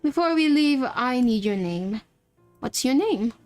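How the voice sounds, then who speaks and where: A woman's voice: sits high, animated, measured pace, a little mellow, faint music behind. A woman voicing a haughty male ruler of a void in a put-on British accent, reading game dialogue aloud in a clipped, impatient way. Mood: lordly.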